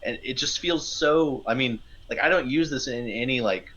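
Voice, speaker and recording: A man joins a casual live-stream chat as a guest, his speech halting and conversational. His audio comes through slightly dull and lo-fi, with a middle-pitched voice. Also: sharp tone. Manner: hesitant, many fillers and restarts, conversational.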